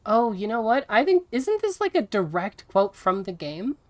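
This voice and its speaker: A woman streaming a video game, chatting casually with her viewers in an exasperated, teasing way and quick to laugh. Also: fairly high pitch, big pitch swings.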